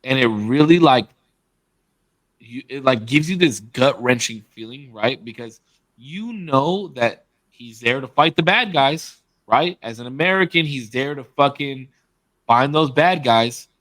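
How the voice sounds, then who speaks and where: A man's voice: mid-range voice, animated, a little slow, fairly bright tone, no echo, low-quality recording. A man co-hosting a podcast, retelling a story emphatically and swearing often in casual chat. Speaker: podcast co-host.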